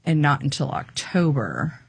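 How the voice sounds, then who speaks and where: Podcast co-host, woman, low pitch, dry close mic, candid storyteller. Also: big pitch swings, a little slow, creaky, breathy edge, no echo. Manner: candid, laughs often while storytelling. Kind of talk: casual chat.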